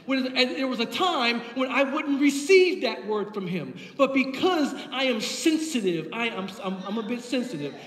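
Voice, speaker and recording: Male pastor, very high voice, passionate repetitive preaching, roomy church echo. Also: big pitch swings, normal speed, hardly any pauses, fairly bright tone. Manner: impassioned, builds with repeated phrases. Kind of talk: sermon. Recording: echoey hall from far off.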